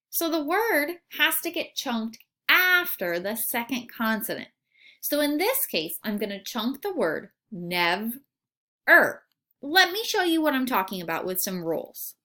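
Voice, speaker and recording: Bright, lively voice of a patient woman teacher. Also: on the high side. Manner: patient, sounds out words slowly, asks questions aloud. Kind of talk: recorded phonics lesson for children.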